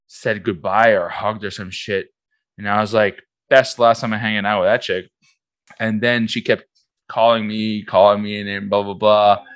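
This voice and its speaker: A man's voice: fairly low pitch, a bit bright, dry recording. A young man, co-hosting a podcast and telling a rambling story in casual chat, acting out what others said. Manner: rambling, acts out quoted voices. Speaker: podcast co-host.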